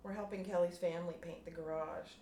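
Self-centered girl friend, lifted pitch , as a woman reads her, roomy distant sound. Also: steady tone, fairly quick, mellow, a little hiss or hum, lightly acted. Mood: coaxing. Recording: roomy room, distant mic.

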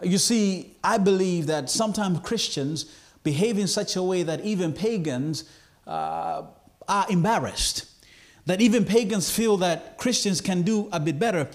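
A man preaching a sermon, slow and emphatic, building repeated phrases to a climax. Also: high-pitched, big pitch swings. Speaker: pastor.

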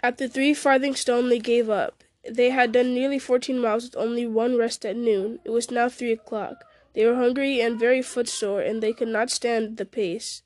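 A woman reads a fantasy novel aloud in a steady voice, now and then slipping and restarting a word. Her voice sits somewhat high and mellow, and the recording is close and dry. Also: moderate pace, few pauses, dry recording. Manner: steady, with small slips and restarts. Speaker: story reader.

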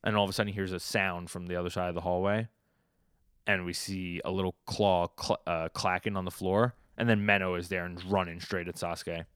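A man co-hosting a podcast, casually recapping a comic chapter with fillers and lively retellings. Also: low voice, a little fast, smooth, dry recording, studio quality. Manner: animated storytelling with fillers and acted quotes. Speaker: podcast co-host.

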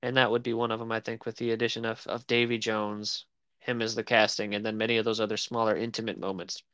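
A man's voice: on the low side, little pitch movement, fast, fairly bright tone, clear, resonant tone, dry recording. A man co-hosting a podcast in casual chat, easygoing and joking, with frequent fillers and hesitations. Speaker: podcast co-host.

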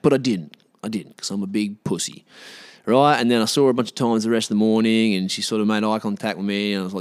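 A man's voice: on the low side, fairly even intonation, fast, clear, resonant tone, no room sound, clean studio sound. A man in his late thirties with an Australian accent, telling a rambling, candid, sweary story and quoting himself along the way. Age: 30s. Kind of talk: casual storytelling monologue.

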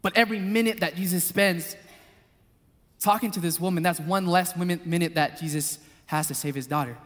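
Male pastor, high voice, impassioned sermon with loud and soft turns, long hall reverb. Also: steady tone, moderate pace. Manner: passionate, swings between loud appeals and hushed storytelling. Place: church hall.

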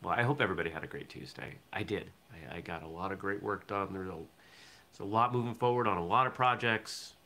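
This is a man from southern Maine hosting a casual morning live stream. His voice sits a little low yet rings bright and forward. He chats easily and now and then reads viewer comments aloud. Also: a little fast. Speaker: host of a morning live show.

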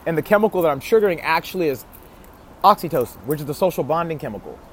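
A man talking straight to his viewers about marketing in a casual vlog, leaning hard on repeated phrases and restarting sentences as he goes. His voice sits a little high for a man, and a faint hum of ambience hangs behind him. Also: lively intonation, fast. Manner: emphatic, repeats key phrases, frequent restarts. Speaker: marketing vlogger. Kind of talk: casual marketing advice talk to camera.

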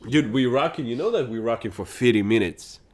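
A man's voice: mid-range voice, expressive, a little fast, a little mellow. A man hosting a podcast, chatting casually in a playful, teasing, slangy way. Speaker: podcast host. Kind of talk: casual joking chat.

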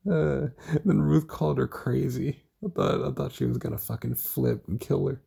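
At a normal pace, a young man rambles on his own casual podcast about a TV show, sounding tired and stuttering and swearing. His mid-range voice has lively intonation, vocal fry, and a dark, slightly rough tone.

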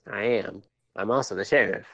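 A man's voice: lowish voice, moderate pace, gravelly, sharp tone, highs cut off, heavily acted. A man playing a stern, crude small-town male sheriff in improvised role-play, drawling and bossy.

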